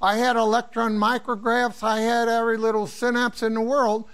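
Older male professor from the Midwest, higher-pitched voice, chatty review lecture full of asides. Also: little pitch movement, normal speed, a bit bright. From American Midwest. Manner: rambling, anecdotal, asks students questions. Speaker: neuroanatomy professor. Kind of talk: informal exam review lecture.

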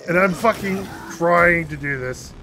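A man commenting on his own horror game playthrough, exasperated and swearing often as he yells at the game. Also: high-pitched, unhurried, background noise. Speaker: gameplay commentator. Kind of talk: let's play commentary.

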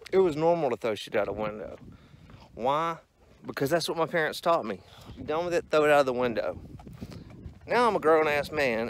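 A man's voice: a little high, fairly bright tone, a little hiss or hum. A man, ranting profanely about roadside litter in a casual satirical vlog, walking outdoors along a country road. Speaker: vlogger.

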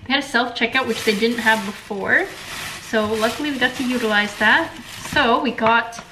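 Woman vlogging in her kitchen, chatty and giggly, slightly high voice, cooking noise behind. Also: moderate pace. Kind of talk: casual home vlog. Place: home kitchen. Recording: home video with audible kitchen noise.

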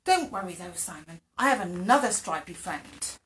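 A woman's voice: on the low side, lively intonation, normal speed, a bit bright, pitched below the performer's own voice. A woman reading as a kindly hopeful toy bear.

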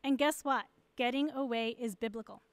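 A woman gives a church message to mothers in a high, smooth voice. She sounds candid and encouraging, and the sound is dry and close. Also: normal speed, no echo. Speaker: pastor's wife.

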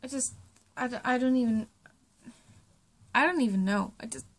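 Fighting back tears, a young vlogger speaks in a fairly high voice, her words halting and trailing off mid-sentence. It's a reaction video, and she swears heavily as she gets choked up.

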